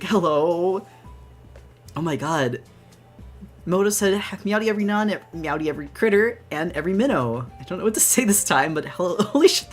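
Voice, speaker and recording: Brief: young woman streamer, bubbly and gushing, lively up-and-down pitch, faint music underneath. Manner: bubbly, gushing, rambling with restarts. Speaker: VTuber streamer. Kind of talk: excited casual live-stream chat.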